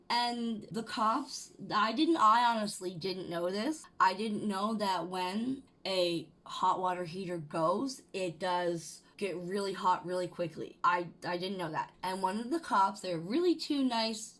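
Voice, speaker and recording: A young adult woman ranting to her camera at an unhurried pace. She swears freely, keeps restarting her sentences and jumps into loud, high bursts. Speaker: vlogger. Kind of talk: casual rant to camera.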